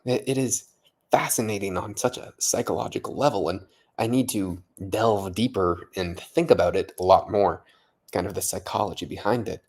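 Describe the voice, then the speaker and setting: A man's voice: lowish voice, moderate pace, a little mellow, slightly rough. A man vlogging late at night, a little tipsy from vodka, rambling, swearing and repeating himself in amazement. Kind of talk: casual late-night vlog monologue.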